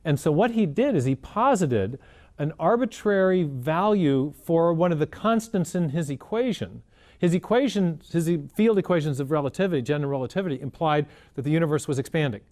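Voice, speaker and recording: A man's voice: a little high, expressive, fairly quick, darkish tone. A man answering in an interview, explaining and telling a story earnestly, often repeating words as he thinks. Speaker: guest explaining science.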